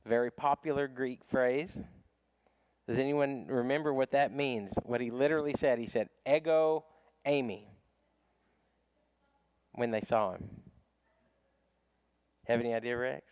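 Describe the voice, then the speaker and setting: A man's voice: medium pitch, normal speed, pauses often, a little mellow, clean tone, no echo, muffled recording. A man teaching a casual Bible study class, talking conversationally with frequent restarts and small chuckles.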